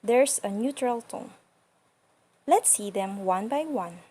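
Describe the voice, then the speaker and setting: Slow, breathy woman teaching. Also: mid-range voice, lively intonation, mellow. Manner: patient, demonstrates sounds slowly and repeats them. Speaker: language teacher. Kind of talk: slow instructional lesson.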